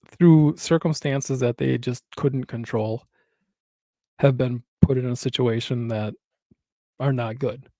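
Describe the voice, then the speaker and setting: A man's voice: medium pitch, slow pace, no room sound, clean studio sound. A man from Wisconsin, co-hosting a casual podcast chat and acting out both sides of the conversations he retells. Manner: animated storyteller who acts out both sides of a conversation. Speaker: podcast co-host.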